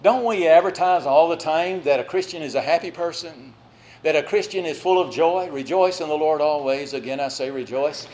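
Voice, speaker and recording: During his sermon, a male preacher with a voice on the high side shifts from loud exhortation to quiet, lingering phrases and chats aside with the congregation. A little hiss or hum can be heard.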